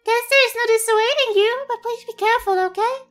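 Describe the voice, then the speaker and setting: Paimon, a squeaky fairy sidekick. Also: female voice, fairly quick. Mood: fretful. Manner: chatty, squeaky, refers to herself by name. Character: tiny chirpy floating fairy companion girl.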